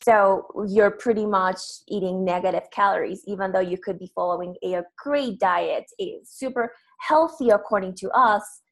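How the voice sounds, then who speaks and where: A woman's voice: mid-range voice, normal speed, hardly any pauses, poor audio. A woman from Peru, a health coach explaining her field earnestly as a guest. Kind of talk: interview answers.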